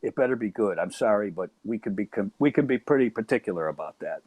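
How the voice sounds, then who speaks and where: A middle-aged man with a Chicago accent, a stand-up comedian telling a lively anecdote as a guest. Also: fairly low pitch, fast, dry recording, highs cut off. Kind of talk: storytelling in casual chat.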